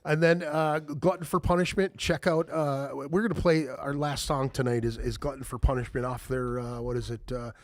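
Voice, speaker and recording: A man's voice: medium pitch, fairly even intonation, moderate pace, few pauses, dry recording. A man hosting a podcast in casual chat, talking loosely with lots of swearing and fillers. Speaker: podcast host.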